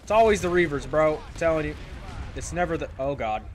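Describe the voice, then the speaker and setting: A man's voice: on the high side, lively intonation, brisk, a little hiss or hum. Rambling man commenting on his gameplay. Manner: rambling, self-mocking, repeats himself. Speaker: gaming channel host. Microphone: desk microphone in a squeaky chair. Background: faint game gunfire.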